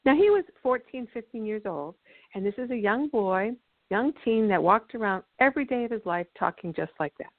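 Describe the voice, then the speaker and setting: A woman guest on a call-in radio show, explaining ideas about emotional energy in a measured storytelling way. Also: fairly high pitch, lively intonation, no echo. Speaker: guest, energy healer and author. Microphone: phone. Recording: dry, tinny phone line.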